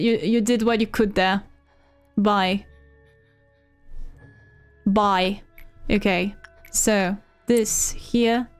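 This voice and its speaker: A woman streamer talking to herself through a game, repeating words and getting frantic under pressure. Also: a little high. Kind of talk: live gameplay commentary.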